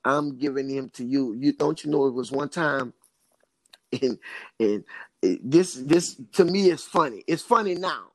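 A man's voice: fairly high pitch, lively intonation, a little slow, no room sound, poor audio. A man as an interview guest, a recovery advocate telling his story earnestly, with emphatic repetition.

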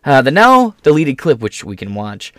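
A man's voice: mid-range voice, huge pitch swings, normal speed, sharp tone, no echo, studio quality. A man giving casual, profane political commentary, sarcastic and mocking, often slipping into put-on voices to mimic others.

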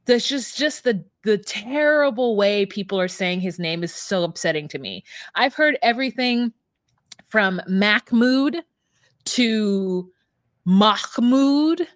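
A woman's voice: mid-range voice, expressive, moderate pace, dry recording. Woman, podcast co-host, playful, rambling, dry close mic. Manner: playful, rambling, sing-song asides. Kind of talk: casual podcast chat.

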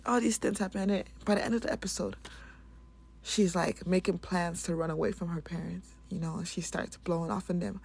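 A woman's voice: fairly low pitch, steady tone, fairly quick, gravelly, darkish tone, breathy edge. A woman hosting a casual spiritual talk, speaking candidly and bluntly, swearing and laughing often. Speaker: spiritual podcast host.

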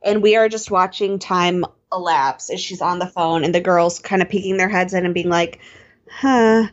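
A woman's voice: lowish voice, steady tone, normal speed. A young woman co-hosting a podcast, steadily narrating a reality show's plot with dry asides. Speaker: podcast co-host. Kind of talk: casual chat recapping a reality show. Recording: dull lo-fi sound.

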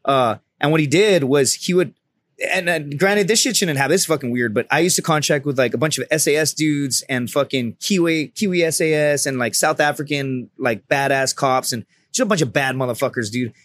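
A man in his thirties, a podcast guest, telling a story in casual, profane talk and loudly acting out the people he quotes. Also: fairly high pitch, brisk.

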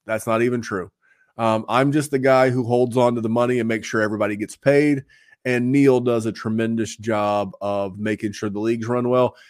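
A man hosting a fantasy football podcast, chatting casually and upbeat, rambling a little as he gives shout-outs and plugs. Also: medium pitch, fairly even intonation, normal speed. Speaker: podcast host.

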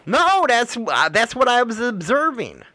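High, lively, profane blunt man. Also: unhurried. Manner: blunt, heavily profane ranting. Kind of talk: casual chat.

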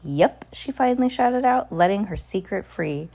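Animated woman reading a children's book. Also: medium pitch, normal speed, gravelly. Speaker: storybook reader.

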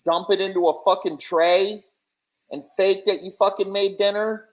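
Male streamer putting on a volatile drunk dad, higher and strained, profane ranting, menacing. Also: steady tone, moderate pace, natural voice. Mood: raging. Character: raging drunk middle-aged father, volatile and threatening.

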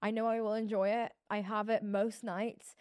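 A woman's voice: mid-range voice, level tone, moderate pace, darkish tone, clean tone, no room sound, studio quality. A young woman hosting a casual solo podcast, rambling and chatty with lots of restarts and casual swearing. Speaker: podcast host.

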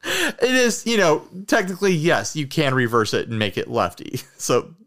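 A man's voice: on the high side, a little slow. Guy co-hosting a gear podcast, rambles and jokes around, voice jumps up and down a lot. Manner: animated, rambling, jokey. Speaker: podcast co-host. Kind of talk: casual chat.

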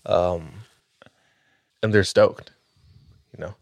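Low, slow-talking man telling a tale. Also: darkish tone, no room sound, clean studio sound. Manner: measured, suspenseful narration. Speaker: podcast host, storyteller. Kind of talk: casual storytelling.

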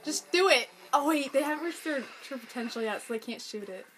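A woman co-hosting a podcast, chatting casually and dropping quick trivia while watching an episode. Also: sits high, animated, fairly bright tone, slight background noise, poor audio. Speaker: podcast co-host.

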